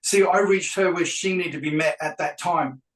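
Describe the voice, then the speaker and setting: Male agent, slightly high voice, animated anecdote, acts out dialogue; roomy, off-mic sound. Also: moderate pace, far from the mic. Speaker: real estate agent telling a story. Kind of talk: anecdotal storytelling.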